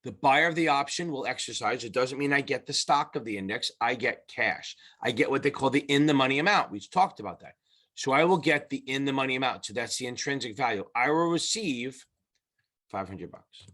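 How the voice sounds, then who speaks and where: A man's voice: medium pitch, animated, moderate pace, sharp tone. A man tutoring exam students in a loose, conversational way, with restarts and the odd swear word. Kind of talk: casual lesson explaining at a whiteboard.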